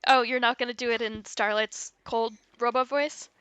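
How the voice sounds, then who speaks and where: A woman's voice: a little high, fairly even intonation, moderate pace, fairly bright tone, clean tone, no echo. A woman co-hosting a game livestream, chatting playfully and teasing her partner. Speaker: game streamer. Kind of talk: casual let's-play chat.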